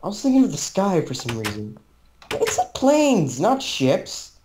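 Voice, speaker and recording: A woman's voice: lowish voice, huge pitch swings, unhurried, background noise. A woman chatting while playing a co-op game, laughing often and protesting when teased. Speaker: gamer teammate. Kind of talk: casual gaming chat.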